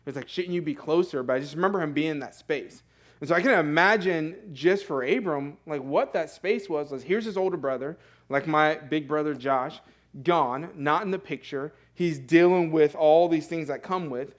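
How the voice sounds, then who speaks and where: A young male pastor delivers a sermon in a church sanctuary. His voice sits a little high, and he speaks in an earnest, conversational way, full of fillers and quick self-corrections.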